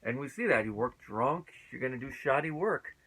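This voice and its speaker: A man giving a casual spoken review of a TV episode, chatty, laughing often and filling his pauses with "uh". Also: mid-range voice, expressive, a bit bright, rough recording.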